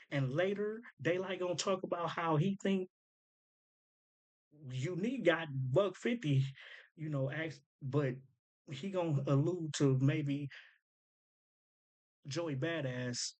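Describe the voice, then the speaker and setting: A man's voice: fairly high pitch, darkish tone. A man hosting a casual breakdown of rap lyrics, thinking aloud, repeating lines back and explaining them in loose slang. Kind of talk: casual commentary.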